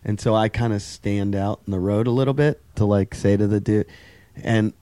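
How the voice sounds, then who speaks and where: A middle-aged man with a lowish voice talks casually into a podcast mic. He tells an animated, profanity-laced story and acts out the other voices. The sound is close and dry, with no room echo. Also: normal speed, clear, resonant tone. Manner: swearing, animated storytelling with acted quotes. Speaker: podcast host. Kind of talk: casual chat.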